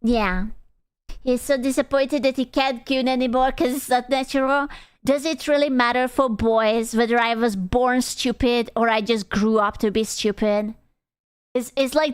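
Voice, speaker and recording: A woman streamer with a high, smooth and clear voice, chatting with her viewers at an easy pace. She swears freely, bursts into laughter and puts on mock outrage, all in a dry, close sound. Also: steady tone, moderate pace, no echo. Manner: loud laughing reactions and frequent swearing. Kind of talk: casual stream chat reading comments.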